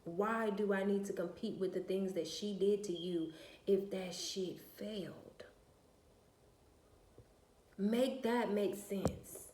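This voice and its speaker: A woman's voice: medium pitch, takes it slowly, pauses often, a little mellow, slight background noise. A woman, venting bluntly and profanely to her viewers in a casual rant. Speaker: vlogger. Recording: echoey room.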